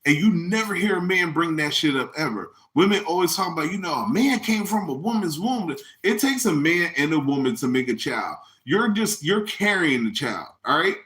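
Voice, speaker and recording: A man's voice: on the high side, fairly quick, few pauses. A man hosting a podcast, ranting in a casual, comedic, and profane way. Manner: animated, profane, mocking. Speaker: podcast host. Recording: echoey room.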